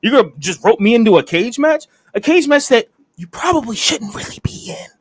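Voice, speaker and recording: A man's voice: extremely high pitch, lively intonation, brisk, fairly bright tone, dry recording, studio quality, pitched above the performer's own voice, heavily acted. A man doing an indignant, fed-up wrestler. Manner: indignant, incredulous. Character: exasperated male wrestler, fed up.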